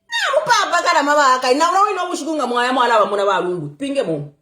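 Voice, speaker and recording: A young woman talks through political news in a casual vlog, her high voice rising and falling and often breaking into laughter. She switches between languages as she goes. The recording sounds like an echoey room. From Zambia. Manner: animated, laughing, code-switching. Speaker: commentator.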